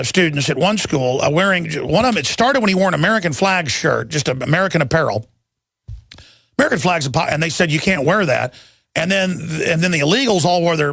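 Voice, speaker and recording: A man's voice: fairly bright tone, no echo, clean studio sound. A man hosting a talk show, delivering a ranting, sarcastic political monologue with sudden jumps in his voice. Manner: ranting, sarcastic, frequent restarts and pitch jumps.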